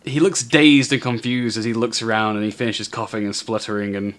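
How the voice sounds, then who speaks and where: A man narrating a tabletop game as game master, telling the scene in an unhurried, descriptive way. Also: fairly low pitch, little pitch movement, a bit bright.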